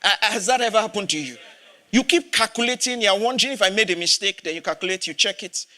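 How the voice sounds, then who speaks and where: A man's voice: high voice, fast talker, pushed and bright. A man, a pastor preaching a sermon, telling a story with laughter and acted-out dialogue.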